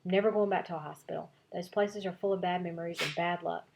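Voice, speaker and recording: Teacher lady reading a kids' chapter book out loud, kinda low voice, expressive. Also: fast talker, vocal fry, noisy background. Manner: expressive storytelling, voicing several child narrators. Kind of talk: read-aloud of a children's novel.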